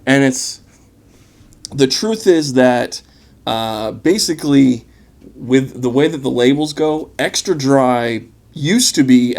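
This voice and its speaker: A man with a gravelly, slightly fried voice hosts a casual tasting video. He talks in a relaxed, enthusiastic way, full of fillers and asides to the viewer, at an everyday mid pitch. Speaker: wine vlogger. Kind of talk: casual wine tasting chat.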